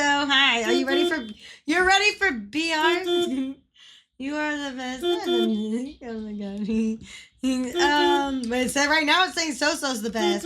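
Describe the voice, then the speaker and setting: A woman's voice: high-pitched, fairly bright tone, slight background noise. Giggly swearing woman livestreamer. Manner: giggly, swears freely, teasing. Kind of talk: casual gaming stream chat.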